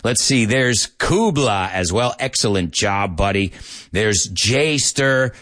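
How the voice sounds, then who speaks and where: A man's voice: on the low side, expressive, slow, fairly bright tone. A man teaching an English lesson in an upbeat, joking way, spelling words out letter by letter and slipping in Spanish translations. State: out of breath. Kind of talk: live-stream English lesson.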